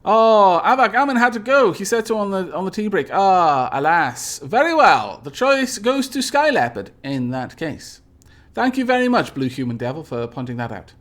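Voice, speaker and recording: A man's voice: high voice, sing-song, moderate pace, a bit bright. A man streaming a space game live, reading event text aloud theatrically and answering chat in polite, formal phrasing.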